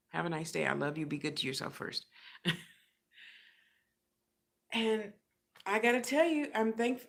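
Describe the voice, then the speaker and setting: A woman vlogging in a casual, chatty way, telling a long personal story with lots of asides and lively retellings. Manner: chatty, animated, acts out others' lines in a high squeal.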